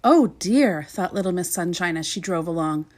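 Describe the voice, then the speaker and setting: A woman reading a children's storybook aloud in an expressive, sing-song way. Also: on the low side, a little fast. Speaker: storybook reader.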